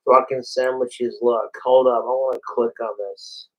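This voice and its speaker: A man chatting through a late livestream, tipsy and slurring a little from alcohol. He talks slowly in a rambling, excitable way and swears often. His voice sits at an ordinary middle pitch. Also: rough recording. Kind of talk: casual livestream commentary.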